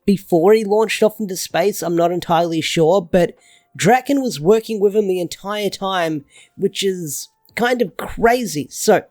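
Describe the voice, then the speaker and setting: A man giving a casual, excitable comic book review, gushing and rambling loosely. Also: sits high, unhurried, no room sound.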